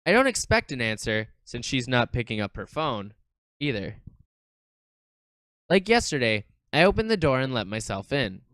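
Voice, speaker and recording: A streamer casually commenting and reading game text aloud, animated, swearing and nervously laughing. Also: medium pitch, normal speed, dry recording.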